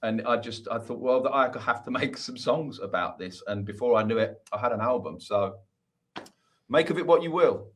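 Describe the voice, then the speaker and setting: A man appears as a podcast guest, a musician who talks at length. His speech is earnest and wandering, and he keeps restarting his sentences. His voice sits at an ordinary middle pitch. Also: expressive, moderate pace. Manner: earnest, rambling, many restarts. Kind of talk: casual interview chat.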